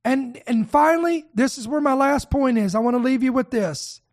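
High-voiced preacher, fervent, exhorting, broadcast sermon, repeated calls to the audience. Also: moderate pace, darkish tone. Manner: fervent, exhorting, repeats short rallying phrases. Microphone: camera broadcast.

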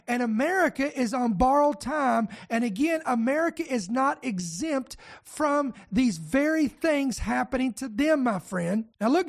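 A man preaching a podcast sermon, fervent and emphatic, firing off rhetorical questions and warnings. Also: extremely high pitch.

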